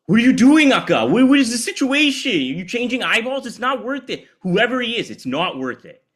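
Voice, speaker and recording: A man voicing his frantic younger self as a small boy, in shrill, panicky pleading. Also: very animated, brisk, fairly bright tone, full character voice. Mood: panicked. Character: frantic little boy, scared for his sister.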